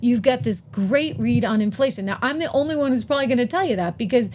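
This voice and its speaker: A middle-aged woman hosting a live-streamed opinion show, talking in an emphatic, animated way with quick asides and rhetorical questions. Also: fairly high pitch, slight background noise. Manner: laughs at herself while typing on air. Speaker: host of a live political and investing show.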